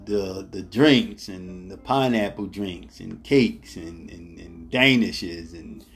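Middle-aged male vlogger, slow rambling storyteller, faint music bed. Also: low voice, vocal fry, slightly rough. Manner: rambling, repeats words, chuckles as he tells; addresses viewers directly as ladies and gentlemen. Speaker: travel vlogger. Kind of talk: casual storytelling.

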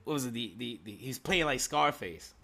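A man hosting a casual talk show, relaxed and conversational with plenty of fillers. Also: medium pitch, brisk, gravelly. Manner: relaxed, conversational, lots of you know. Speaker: host.

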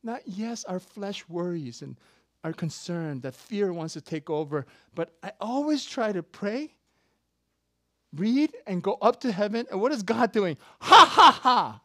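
A preacher giving an animated, playful sermon with sudden shouts and laughter, recorded close and dry. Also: medium pitch, unhurried, no echo.

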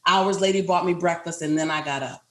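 A woman's voice: lowish voice, fast, fairly bright tone. A middle-aged woman, a business owner, telling a personal story to a group in an emphatic, repetitive way and speaking straight to her listeners. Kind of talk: motivational storytelling. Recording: roomy echo.

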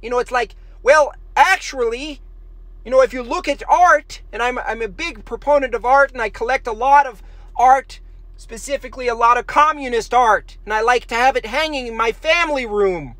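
A man streaming as he draws, talking in a rambling way with deadpan jokes and trailing fillers. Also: extremely high pitch, moderate pace, no room sound. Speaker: artist streaming while drawing. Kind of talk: casual rambling stream chat.

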